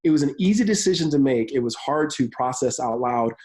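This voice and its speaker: A man in his thirties, a football coach and pastor, telling his story in an energetic interview, speeding up in quick bursts. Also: medium pitch, low-quality recording. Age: 30s. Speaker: college football analyst and pastor. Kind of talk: remote interview.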